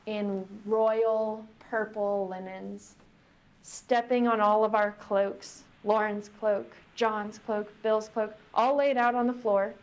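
A woman pastor reading scripture aloud and preaching in a reflective, conversational way, slowing down for emphasis. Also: medium pitch.

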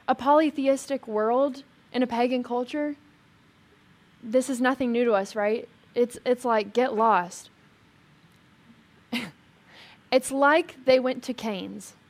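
A woman with a somewhat high voice leads a casual Bible teaching for a group in front of her. She talks in a chatty, animated way, full of "like" fillers, and drops in humorous asides as she explains the passage. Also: measured pace.

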